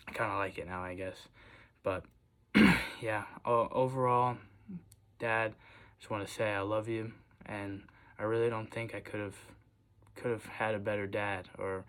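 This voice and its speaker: A young man speaks in a slightly low voice, earnestly thanking his father. His delivery is halting and full of small restarts. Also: fairly bright tone. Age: young adult. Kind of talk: heartfelt tribute speech.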